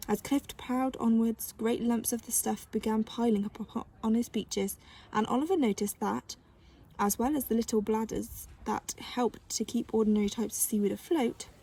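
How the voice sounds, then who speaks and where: A woman reading a children's novel aloud with gentle, expressive storytelling. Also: a little high, breathy edge. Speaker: narrator.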